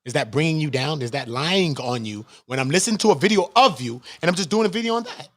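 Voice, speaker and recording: A man's voice: a little high, expressive, fast talker, a bit bright, dry recording, studio quality. A man hosting his own channel, ranting in a confrontational, profane way and firing off rhetorical questions. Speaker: channel host. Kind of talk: heated livestream rant.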